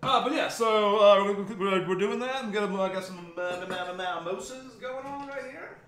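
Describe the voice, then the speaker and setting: A man's voice: sits high, normal speed, echoey room, crowd noise. An American man hosting a casual cooking live stream from his home kitchen, rambling, joking and swearing as he cooks. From United States.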